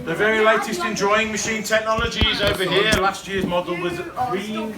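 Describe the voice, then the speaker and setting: A man playing a shopkeeper guide, leading a school group in a playful call-and-response talk, teasing and often shouting. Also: high-pitched, flat delivery, a little fast. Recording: roomy, distant mic, loud crowd of children.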